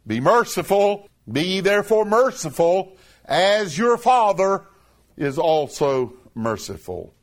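High-voiced emphatic male preacher. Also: big pitch swings, slow pace. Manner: emphatic, repeating phrases with rising and falling pitch. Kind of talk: sermon.

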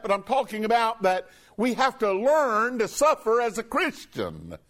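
A preacher man delivering an impassioned sermon. His voice sits high and leaps up and down across a wide range. He reads scripture slowly and dramatically, then drops low to drive a point home. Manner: impassioned, rising and falling sharply for emphasis; reads scripture in a slow, declaiming voice.

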